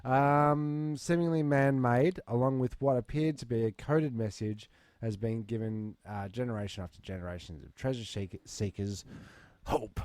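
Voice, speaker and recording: A man co-hosting a podcast, reading out facts in a halting way full of fillers and restarts. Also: medium pitch, darkish tone, no room sound. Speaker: podcast co-host. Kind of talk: casual banter.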